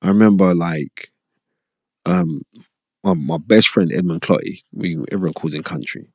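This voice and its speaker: Gravelly low-voiced man telling stories. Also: lively intonation, normal speed, no echo, studio quality. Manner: chatty, with frequent "you know what I mean?" asides. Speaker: former boxer, podcast guest. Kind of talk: casual interview storytelling.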